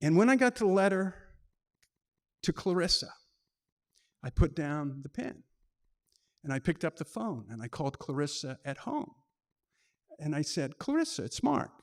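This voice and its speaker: A man with a fairly high voice tells a personal story to a live audience. His lines are short and punchy, and he slips in and out of the dialogue as he acts it out. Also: big pitch swings, unhurried, pauses often.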